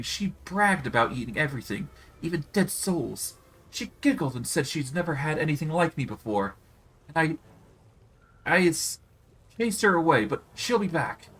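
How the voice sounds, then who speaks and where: A man's voice: a little high, very animated, moderate pace, a bit bright, breathy edge, pitched above the performer's own voice, heavily acted, rough recording. A man voicing a vain, petulant female demon queen in a video game, whiny and clumsily flirtatious. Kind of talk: reading game dialogue aloud on stream.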